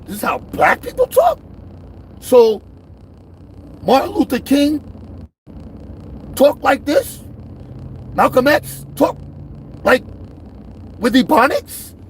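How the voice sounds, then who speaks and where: Middle-aged male vlogger, emphatic and lively, repeats his points. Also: extremely high pitch, takes it slowly, pauses often, slight background noise. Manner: emphatic, repeats himself, swings between loud and quiet. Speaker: truck driver vlogger. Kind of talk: direct-to-camera rant.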